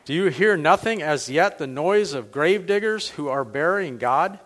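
Man reading as a frantic madman, urgent questioning, slightly high voice, long hall echo. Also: lively intonation, moderate pace, a bit bright. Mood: anguished. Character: frantic grieving male madman crying out.

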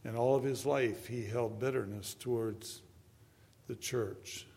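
A man in his seventies preaching a sermon, moving between quiet storytelling and loud, emphatic preaching. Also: mid-range voice, steady tone, slow pace, creaky. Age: 70s. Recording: long hall reverb.

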